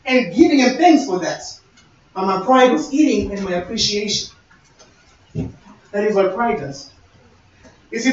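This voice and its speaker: High-voiced young man preaching in an echoey room. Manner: conversational, storytelling with quoted dialogue. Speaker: speaker. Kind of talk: sermon-style talk. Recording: echoey, distant, dull-sounding room recording.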